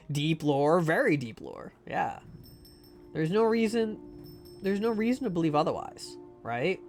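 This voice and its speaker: A man's voice: a little high, very animated, slow, long pauses, faint music behind. A man streaming a game live, rambling and joking with many fillers and restarts. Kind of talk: casual live-stream chat.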